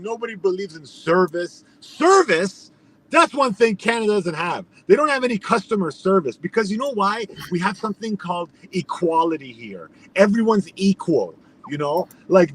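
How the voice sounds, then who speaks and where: A man's voice: high-pitched, lively intonation, normal speed. A man from Iran telling a story in casual chat on a stream, ranting and swearing as he goes.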